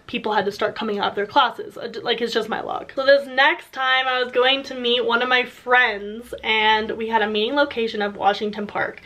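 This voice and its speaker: Young woman vlogging, kinda high voice, laughs a lot, says like constantly. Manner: animated, laughs often, many "like" fillers. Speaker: YouTuber. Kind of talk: casual storytelling.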